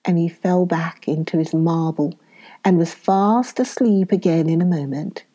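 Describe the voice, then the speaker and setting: A woman reading a children's story aloud, slow and gentle. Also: on the low side.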